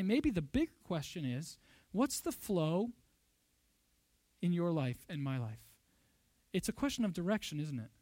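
A man with a high voice preaches a sermon, piling up rhetorical questions and pressing his points with emphasis. He swings to loud, pushing bursts when he drives a point home. The recording is close and dry, with no room sound. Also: no room sound. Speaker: pastor.

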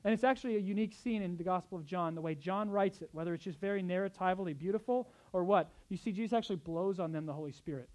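A man preaching a sermon as pastor, swinging between soft, tender passages and loud, urgent exhortation, with conversational asides. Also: sits high, fast talker, few pauses. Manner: acts out quoted speech in conversational asides.

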